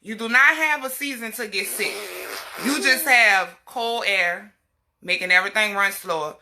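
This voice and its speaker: A woman's voice: mid-range voice, moderate pace, bright, forceful tone, slight background noise. A young woman talking on a casual livestream, preaching self-worth to women with emphatic, fired-up delivery and scolding asides to her little girl. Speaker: health advocate vlogger.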